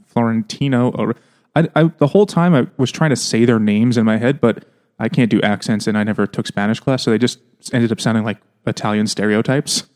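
A man's voice: medium pitch, a little fast, a little mellow. A man co-hosting a book podcast, chatting casually and joking, with lots of "like" fillers. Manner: joking, rambling, many "like" fillers. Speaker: podcast co-host. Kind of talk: casual chat.

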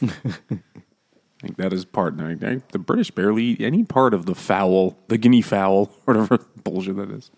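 Low-voiced man rambling about a book. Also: normal speed, gravelly, darkish tone. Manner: rambling, profane, laughing. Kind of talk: casual book discussion.

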